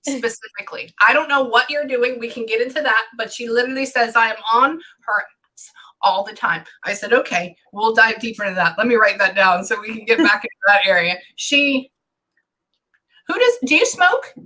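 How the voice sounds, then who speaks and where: A woman with a bright, forceful voice gives a casual reading as a medium. She talks in halting, chatty bursts and keeps stopping herself with hang on. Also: fairly high pitch, lively intonation. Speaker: psychic medium. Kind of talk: casual one-on-one reading session.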